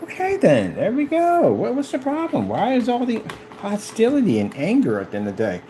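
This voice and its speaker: A man's voice: high voice, wildly swooping pitch, a little fast, dark tone, a little hiss or hum. A businessman ranting at the camera, confrontational and mocking, repeating himself as he goes. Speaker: business owner.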